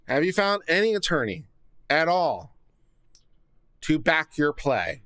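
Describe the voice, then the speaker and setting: A man's voice: a little high, big pitch swings, slow pace, pauses often, a bit bright, no echo. Sarcastic man reading court filings. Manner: sarcastic, reads documents aloud then mocks them. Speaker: legal commentator. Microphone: studio condenser mic.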